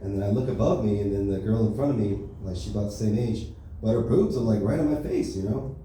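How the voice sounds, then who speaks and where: A young man doing a stand-up set at an open mic, delivering deadpan one-liners with lots of filler words. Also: lowish voice, fast talker. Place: comedy club stage. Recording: echoey club, distant mic, faint noise.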